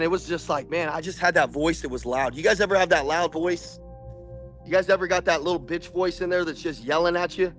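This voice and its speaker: A man with a high, ringing voice gives a fired-up motivational talk to salespeople, preaching hard and climbing to shouts. Faint music sits under him. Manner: intense, preachy, builds to shouting. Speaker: sales coach. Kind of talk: motivational speech.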